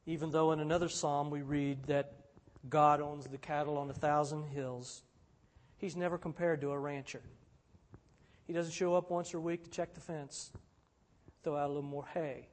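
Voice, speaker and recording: A man preaching a sermon in measured phrases, swelling to emphatic peaks and then dropping low and soft. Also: fairly even intonation. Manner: slow, measured phrasing with repeated refrains.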